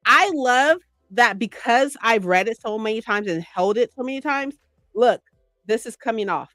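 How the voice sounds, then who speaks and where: A rambling, gushing woman talks casually to her livestream viewers. Her voice is bright and forceful, recorded close and dry, with faint music underneath. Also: on the high side, animated, moderate pace, dry recording. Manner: gushing, rambling, many "like"s and "right?". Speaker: streamer.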